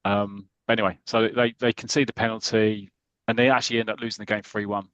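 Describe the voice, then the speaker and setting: A man from Britain, a podcast co-host, retelling a comic story in animated casual chat with quick asides. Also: on the low side, no echo, lo-fi sound.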